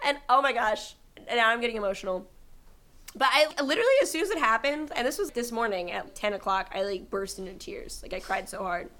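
A woman's voice: on the high side, fairly quick. A young adult woman co-hosting a podcast, gushing in casual chat about a movie she loved as a child and breaking into bits of song. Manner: gushing, animated, bursts into sung snippets. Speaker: podcast co-host.

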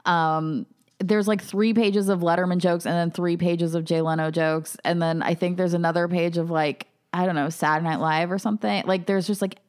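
A woman's voice: lowish voice, steady tone, moderate pace, darkish tone, smooth. A woman co-hosting a podcast, talking casually with many fillers. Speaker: podcast co-host. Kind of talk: casual chat.

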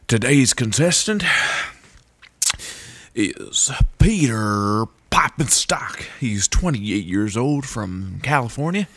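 A man's voice: fairly low pitch, a bit bright, no room sound, full character voice. A man doing an upbeat game show host. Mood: announcing. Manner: announcer-style introductions.

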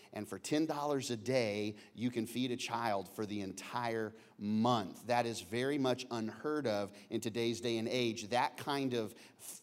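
A man, a pastor introducing a guest speaker to the church, halting with many fillers and restarts. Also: mid-range voice.

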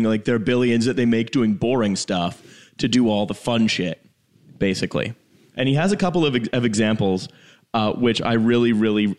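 A man's voice: medium pitch, darkish tone. A man hosting a comedic podcast over a call, steering the chat with frequent ums and uhs. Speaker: podcast host. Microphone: remote call.

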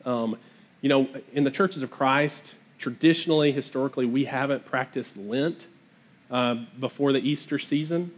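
A man's voice: medium pitch, moderate pace. A man preaching a sermon in a conversational, earnest way, often restarting his phrases.

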